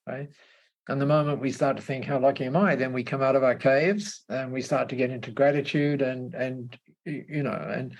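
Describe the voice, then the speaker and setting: A man, a podcast guest, telling stories in a halting conversational way, repeating words and laughing often. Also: medium pitch, gravelly, a little mellow. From Australia. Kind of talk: casual conversational storytelling.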